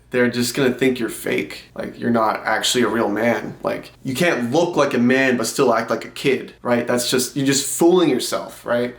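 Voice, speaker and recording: A young man giving casual, direct self-improvement advice and calling the viewer "bro". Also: mid-range voice. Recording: echoey room.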